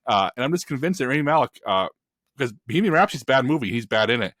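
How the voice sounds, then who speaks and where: A man on a film podcast panel, ranting in an animated, emphatic and opinionated way in casual chat. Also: medium pitch, quick pace, no room sound, clean studio sound.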